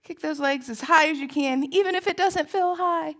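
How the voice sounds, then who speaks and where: A woman's voice: high voice, moderate pace, poor audio. Upbeat, encouraging woman fitness instructor. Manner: upbeat, encouraging, laughs often. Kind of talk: live workout instruction.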